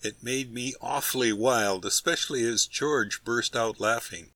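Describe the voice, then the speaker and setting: Brief: male audiobook narrator, crisp bright tone, dry close-miked read. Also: mid-range voice, unhurried, no room sound. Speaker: audiobook reader. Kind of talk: scripted narration.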